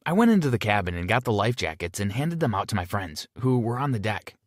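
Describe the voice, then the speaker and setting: A man narrating a first-person teen story with an expressive delivery. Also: fairly low pitch, fast talker, dry recording, clean studio sound.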